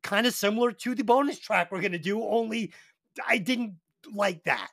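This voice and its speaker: Profane, animated male podcast host. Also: high voice, moderate pace, creaky, dry recording, clean studio sound. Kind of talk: casual podcast chat and album review.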